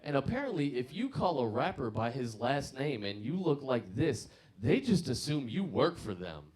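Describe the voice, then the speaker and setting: Young stand-up comic working the crowd. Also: male voice, medium pitch, big pitch swings, moderate pace, darkish tone. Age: mid-twenties. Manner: chatty, profane, crowd-working. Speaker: stand-up comedian. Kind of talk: live stand-up comedy.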